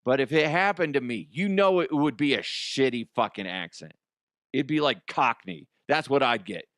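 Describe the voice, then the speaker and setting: A man's voice: mid-range voice, animated, normal speed, fairly bright tone, no echo, clean studio sound. A man hosting a comedy podcast, rambling through a crude monologue, giggling and swearing.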